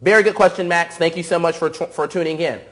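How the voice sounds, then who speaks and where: A man's voice: a little high, steady tone, brisk, a bit bright, rough recording. A man giving a live makeup tutorial, enthusiastic and repetitive, often checking in with "okay?". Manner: enthusiastic, repeats cues and says okay often. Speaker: makeup artist demonstrating airbrush.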